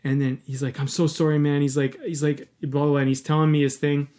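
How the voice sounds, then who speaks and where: A man's voice: on the high side, flat delivery, a little fast, warm tone. A man hosting a podcast, telling a personal story in an earnest, candid way and swearing casually. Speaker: podcast host.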